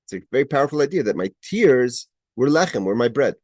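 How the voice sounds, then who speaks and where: A man's voice: medium pitch, big pitch swings, fast talker, a little mellow, no room sound. A man leads a study class over a video call, moving between Hebrew quotations and his own English explanation. His voice sits in a middle register and the sound is dry and close. He stumbles and restarts often, then presses hard on his main points. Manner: grows emphatic at key points. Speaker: teacher leading a Torah study class. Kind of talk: explaining a Hebrew text line by line.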